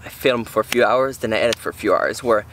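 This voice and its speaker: Relaxed young man, low-key and even. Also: fast, a little hiss or hum. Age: young adult. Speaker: guest YouTuber, surfer and filmmaker. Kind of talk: casual interview chat.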